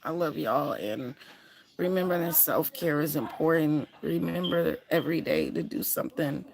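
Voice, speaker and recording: A woman talking on her own live stream in a rambling, halting way, often repeating herself. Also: sits low, vocal fry, a crowd in the background. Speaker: livestreamer. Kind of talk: emotional live stream chat.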